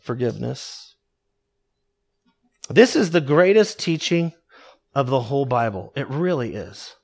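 A man's voice: medium pitch, animated, unhurried, creaky, a little mellow, breathy edge. A man preaching a sermon in an emphatic, conversational way, with wry asides to his congregation. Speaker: pastor.

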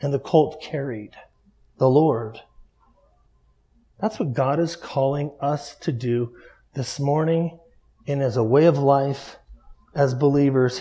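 A man preaching a sermon, emphatic, repeating key phrases and dropping softly low for stress. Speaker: pastor.

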